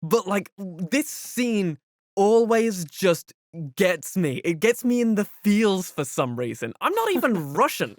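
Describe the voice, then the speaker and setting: A man co-hosting a podcast in casual chat, telling stories in an animated way full of fillers. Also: high-pitched, measured pace, no echo, studio quality. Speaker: podcast co-host.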